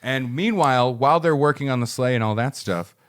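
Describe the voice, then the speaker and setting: A man co-hosting a podcast, rambling through a story pitch in casual chat and briefly acting out the characters' lines. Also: brisk, fairly bright tone.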